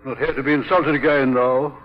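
A man's voice: medium pitch, steady tone, brisk, faint music behind, close to an everyday voice. Man as a hearty upper-class English country squire, bumbling, blustery, old radio drama, muffled lo-fi sound. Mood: blustering. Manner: hearty, blustering, tossing off tags like "you know" and "what". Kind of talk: 1950s radio drama acting. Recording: dull old 1950 radio broadcast.

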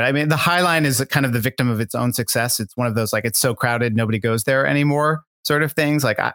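A male guest talks in a loose, conversational way, circling his points with plenty of ums and restarts. His voice sits at an ordinary middle pitch for a man. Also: a bit bright. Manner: rambling and thoughtful, many fillers and restarts. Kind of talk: casual interview talk.

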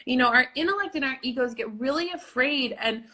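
A woman with a very high, bright voice explains her ideas as a podcast guest. She works as an intuition coach and speaks in an animated, encouraging way. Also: brisk. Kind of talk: casual podcast conversation.

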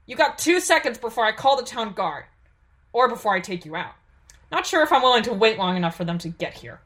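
A woman's voice: a little high, sing-song, fairly quick, a bit bright, voice pushed up. A woman doing a tough, blunt woman fighter. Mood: threatening.

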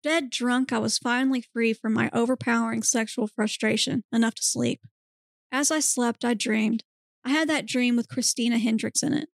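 A woman hosting a podcast, reading a comic erotic story aloud in a steady, deadpan manner. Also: fairly high pitch, moderate pace, gravelly, no echo, studio quality. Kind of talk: dramatic reading of erotic fiction.

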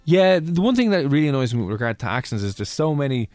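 A man from Ireland co-hosting a radio show, chatting casually and joking with quick asides. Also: medium pitch, big pitch swings, darkish tone, no echo, faint music behind. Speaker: radio co-host. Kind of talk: casual chat.

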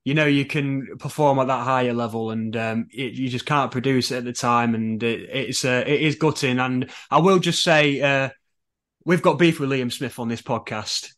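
A man hosting a podcast in a mid-pitched voice. He keeps the chat light and jokey, peppering his questions with ums and uhs as he steers the interview along. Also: normal speed, fairly bright tone. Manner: chatty, jokey, hesitant fillers. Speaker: podcast host.

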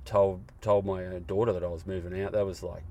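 A middle-aged man, talking candidly and reflectively as a podcast guest, often pausing and restarting. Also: low-pitched, flat delivery, mellow. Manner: halting, earnest, reflective. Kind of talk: candid conversation. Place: car park.

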